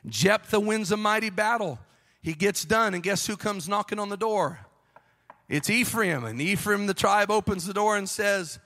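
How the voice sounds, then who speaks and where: A man preaching a Pentecostal sermon with a fervent, rhythmic delivery that builds to shouting. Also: sits high, normal speed, long reverb tail. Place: church sanctuary.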